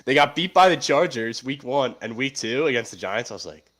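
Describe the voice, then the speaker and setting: A man's voice: mid-range voice, lively intonation, brisk, a bit bright. A young man co-hosting a casual sports podcast from home, sounding stuffy and tired from being sick, telling wry, self-mocking stories. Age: young adult. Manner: wry, self-mocking storyteller with frequent laughs. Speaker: podcast co-host.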